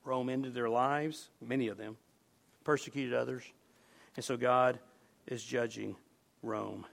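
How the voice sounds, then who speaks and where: A middle-aged man preaching a sermon, earnest and emphatic, dropping to a low murmur on key words. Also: steady tone, measured pace, creaky, fairly bright tone.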